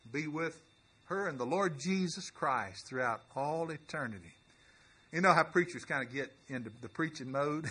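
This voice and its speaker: A male pastor telling a story in a sermon, earnest and halting, with many restarts, who rises into emphatic preaching. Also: fairly high pitch, sharp tone, slightly rough.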